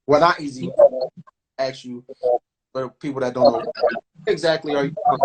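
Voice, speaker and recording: A man in his forties hosting a casual interview over a video call, speaking haltingly with many restarts and fillers. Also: mid-range voice, steady tone, crowd noise, rough recording. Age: 40s. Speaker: interview host.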